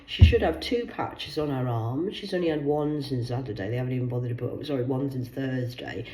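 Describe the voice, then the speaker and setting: A woman with a low voice tells a sprawling personal story straight to camera, cursing casually as she goes. She lurches from loud outbursts to quiet muttered asides. The room around her is bare and echoey. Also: animated, a little fast. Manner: swears freely, jumps between loud bursts and muttered asides. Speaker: vlogger. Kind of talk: rambling personal storytime monologue.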